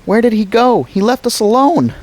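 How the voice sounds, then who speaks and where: A man's voice: sits high, sing-song, moderate pace, pitched above the performer's own voice. Man doing a panicked screaming little girl.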